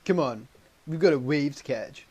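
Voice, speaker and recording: A man voicing a cheerful, adventurous young sidekick in an amateur script reading, with eager, lively shouting. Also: a little high, normal speed.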